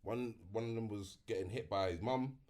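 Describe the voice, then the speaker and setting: A man's voice: on the low side, normal speed, darkish tone. A young man, co-hosting a casual group podcast chat, laid-back and full of slang as he tells stories. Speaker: podcast co-host.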